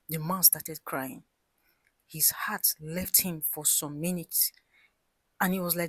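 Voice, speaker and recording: Woman, lowish husky voice, earnest storyteller giving advice, whispers for emphasis. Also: moderate pace, no room sound. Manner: addresses listeners directly, repeats words for emphasis. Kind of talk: storytelling monologue with life advice.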